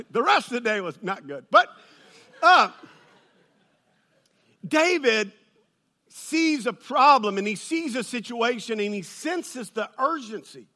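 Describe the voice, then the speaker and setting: A man preaching a sermon, telling a funny personal story and building to loud, excited peaks. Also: very high-pitched, slow pace, pauses often. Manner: storytelling with humor, rises to shouting. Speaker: pastor.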